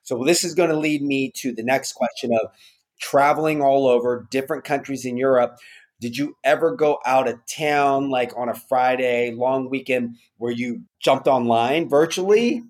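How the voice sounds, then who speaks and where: Guy hosting a podcast, mid-pitched voice, asks long rambling questions. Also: moderate pace, a little mellow. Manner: conversational, asks long multi-part questions. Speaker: podcast host. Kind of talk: interviewing a guest.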